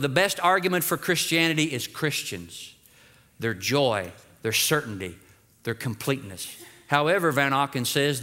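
A man preaching a lively sermon as pastor, urging the congregation to repeat phrases after him. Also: on the high side.

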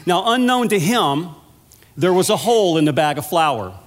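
A man's voice: sits high, big pitch swings, normal speed, in a large hall. A man preaching a sermon as a church minister, telling a story in an earnest, conversational way. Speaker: minister of pastoral care.

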